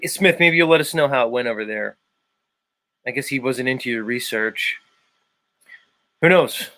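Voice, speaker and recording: A man with a South Philadelphia accent hosting a live stream, chatting casually with viewers in a playful way, swinging his pitch and volume and drawing out words. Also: a bit bright, dry recording. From United States. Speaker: live show host.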